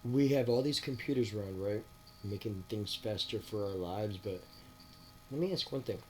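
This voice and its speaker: A man talking to his viewers in a rambling, preachy monologue. He asks them rhetorical questions and swings between loud outbursts and quiet mutters. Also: fairly low pitch, moderate pace, a little hiss or hum. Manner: addresses listeners with rhetorical questions. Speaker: spiritual vlogger. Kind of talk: casual spoken monologue to viewers.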